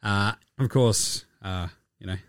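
A man's voice: fairly low pitch, slow, dry recording, clean studio sound. A young Australian man co-hosting a sports podcast, swearing freely and joking in casual chat. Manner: swears freely, animated and jokey. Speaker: podcast co-host.

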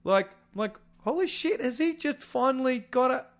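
A man co-hosting a casual sports podcast, animated and swearing freely, his voice jumping up when excited. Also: very high voice, moderate pace. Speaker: podcast co-host.

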